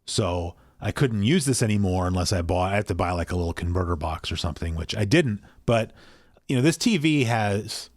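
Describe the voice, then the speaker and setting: A man's voice: deep voice, lively intonation, fairly quick, no room sound, studio quality. A man co-hosting a podcast from his small home basement, chatting casually in a rambling, self-deprecating way, apparently over a video call. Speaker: podcast co-host. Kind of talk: casual chat.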